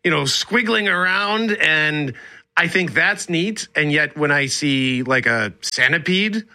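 A man co-hosting a morning radio show, energetic, rambling and restarting when chatting. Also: a little high, slow pace. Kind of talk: radio ads and banter. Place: radio studio. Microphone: studio microphone.

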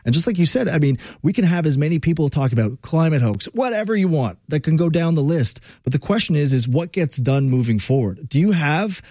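A man's voice: fairly high pitch, expressive, a little fast, few pauses, mellow, dry recording. A male podcast host speaking heatedly and indignantly in an interview. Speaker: show host.

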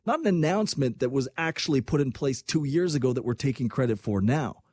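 A young man giving an impassioned, animated opinion rant, talking about his country as if from there, with mocking asides. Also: medium pitch, fairly quick, breathy edge. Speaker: political commentator. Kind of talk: opinionated political talk.

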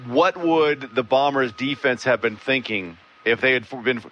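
Man, sports host, bright tone, opinionated, quick talker. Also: medium pitch, muffled recording, a little hiss or hum. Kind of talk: casual sports talk.

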